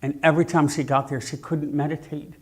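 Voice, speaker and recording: A man minister giving a sermon, telling stories in an animated, jokey way, speaking into a mic in a church sanctuary. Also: on the high side, fairly quick, slightly rough. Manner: animated, jokey storytelling preacher.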